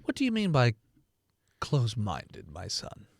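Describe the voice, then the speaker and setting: A man playing a tall, wide-mouthed male cult priest who greets visitors with slow, unsettling warmth. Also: medium pitch, wildly swooping pitch, creaky, slightly rough, heavily acted. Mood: sinister welcome.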